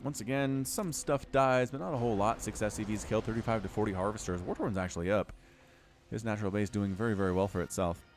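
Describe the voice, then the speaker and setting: A young man casting a strategy game, chatty and animated, jumping up sharply when the action heats up. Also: lowish voice, fast, soft background music. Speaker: game caster. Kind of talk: game commentary.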